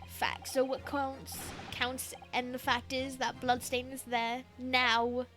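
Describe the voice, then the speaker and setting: A woman voicing a smug older male defendant in a put-on British accent, drawling slowly and dismissively as she reads a game's lines on stream. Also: high-pitched, monotone, music in the background. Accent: put-on British, meant as Irish. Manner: slow, drawn-out, dismissive. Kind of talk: live-stream game voice reading.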